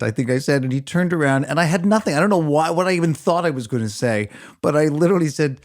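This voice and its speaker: A man co-hosting a podcast, telling casual stories at a brisk clip and wrapping things up. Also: a little high, expressive, no room sound, studio quality. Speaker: podcast co-host.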